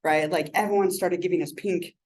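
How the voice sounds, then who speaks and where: A woman teaching a psychology class in a classroom, chatty and animated, her voice sore and strained. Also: fairly low pitch, fairly quick, rough recording. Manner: chatty, animated, peppers talk with "like" and "right?". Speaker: psychology instructor. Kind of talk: classroom lecture. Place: college classroom.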